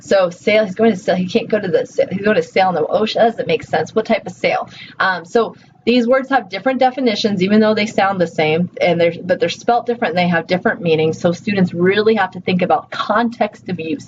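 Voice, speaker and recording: A woman lecturer giving a recorded class, explaining step by step and asking her students questions. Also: mid-range voice. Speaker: college lecturer. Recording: dull lo-fi audio with faint hiss.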